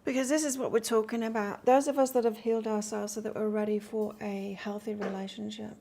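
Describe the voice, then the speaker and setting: A woman's voice: mid-range voice, little pitch movement, fairly quick, creaky, mellow, a little hiss or hum. A woman from England doing a live tarot reading, chatting casually and reading out cards while answering viewer comments. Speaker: tarot reader.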